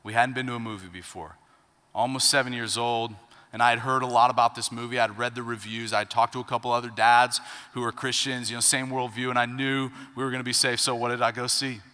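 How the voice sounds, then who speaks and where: A man in his thirties preaching a sermon as pastor, telling a family story with big swings between hushed asides and loud punchlines. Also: medium pitch, level tone, fairly quick. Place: church sanctuary. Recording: reverberant church hall.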